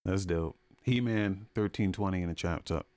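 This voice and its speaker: A man's voice: sits low, moderate pace, a little mellow. A man co-hosting a casual gaming podcast, giving brief reactions and reading out chat.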